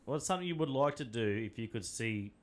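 A man's voice: mid-range voice, lively intonation, a little fast. A man with an Australian accent hosting a podcast, spinning laid-back yarns in casual chat and swearing freely. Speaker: podcast host.

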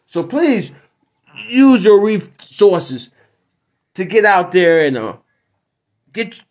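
Male podcast host, rambling and preachy, heavy swearing, slightly raised pitch. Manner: preachy, rambling, heavily profane. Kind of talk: profane comic monologue.

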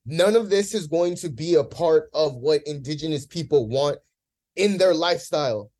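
A man's voice: on the high side, expressive, moderate pace, a little mellow. A man in a podcast discussion, talking in an impassioned, profane rant, visibly emotional.

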